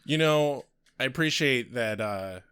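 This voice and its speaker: A man's voice: medium pitch, animated, measured pace, a bit bright, clear, resonant tone, no room sound. A man co-hosting a podcast, chatting casually with some hesitant restarts. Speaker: podcast co-host. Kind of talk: casual chat.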